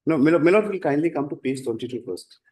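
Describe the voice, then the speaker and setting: A man with an Indian English accent arguing his own case before a judge, formal and deferential, pausing often and saying "my lord" again and again. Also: fairly high pitch, lively intonation, a little mellow. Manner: halting, deferential, repeats 'my lord' constantly. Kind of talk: formal courtroom submission.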